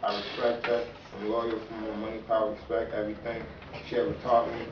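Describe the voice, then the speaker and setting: A man giving a heartfelt speech at a funeral gathering, growing loud and insistent. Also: lowish voice, completely flat delivery, a little fast, background noise. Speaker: grandson giving a eulogy. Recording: distant, roomy, muffled with loud crowd.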